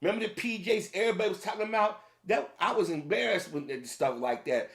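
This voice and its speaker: A man's voice: sits high, brisk. Man ranting in a heated tone. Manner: heated, repetitive, addressing the audience directly. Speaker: commentator. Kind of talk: opinion rant to camera.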